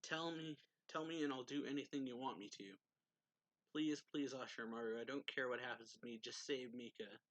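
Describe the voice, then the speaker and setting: A man's voice: medium pitch, moderate pace, dry recording, close to an everyday voice. A man reading out a desperate young fighter. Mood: pleading. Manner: read flatly from a manga page.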